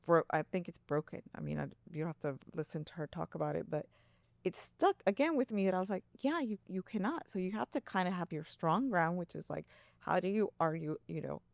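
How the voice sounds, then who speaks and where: A woman co-hosting a casual podcast, chatty and animated, who laughs often and acts out her own thoughts in a higher voice. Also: a little fast, creaky, no echo. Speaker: podcast co-host. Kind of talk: casual chat.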